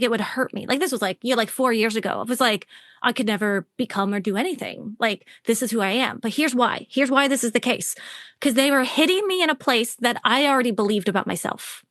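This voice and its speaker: A woman coaching a client on a call, talking quickly and animatedly and acting out quoted voices. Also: fairly bright tone, no room sound, studio quality. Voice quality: voice others call squeaky. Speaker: relationship coach.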